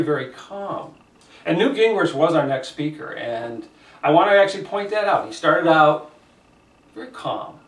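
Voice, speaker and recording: A man's voice: fairly high pitch, far from the mic. A man working as a speaking coach, reviewing debate speakers and demonstrating gestures to camera. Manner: animated, demonstrates gestures while explaining. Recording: roomy echo, from the mic.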